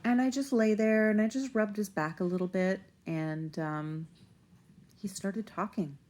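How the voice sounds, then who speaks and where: A woman's voice: medium pitch, a little slow, a little mellow. A woman talking casually to the camera as a parent vlogger, rambling a little and using plenty of fillers. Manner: conversational, rambling, with fillers and restarts.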